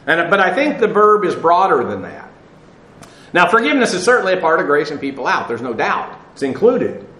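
Male Bible teacher, sermon style, fairly high voice, patient explainer with fillers. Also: big pitch swings, pushed and bright. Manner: unhurried, explanatory, many "uh" fillers, spells out Greek words. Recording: echoey room sound.

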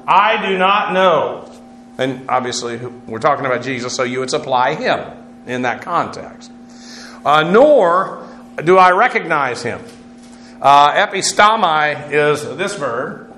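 Echoey Bible teacher spelling Greek words. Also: male voice, on the high side, pushed and bright. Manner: explanatory, spells out Greek words, frequent uh fillers. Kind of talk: Greek word-study lecture. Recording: echoey room with faint noise.

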